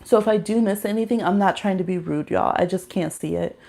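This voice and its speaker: A woman's voice: mid-range voice, brisk, gravelly, darkish tone. A young woman chats on a livestream, telling her story with lots of animation. She keeps calling her viewers y'all, and her voice comes through the phone she streams on. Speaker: tarot reader hosting a livestream. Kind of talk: casual livestream chat.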